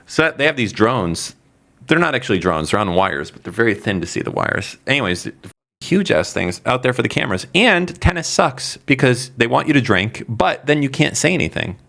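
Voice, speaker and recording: A man's voice: medium pitch, big pitch swings, normal speed, creaky, a bit bright. A man co-hosting a podcast, chatting in a rambling, sarcastic, jokey way. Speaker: podcast co-host. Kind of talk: casual podcast chat.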